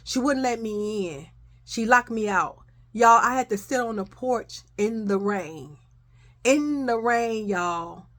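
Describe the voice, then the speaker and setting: Recounting something from when she was a kid, a woman talks in a lively, profane, easygoing manner and keeps addressing her audience as "y'all." She takes her time, and her voice is slightly high.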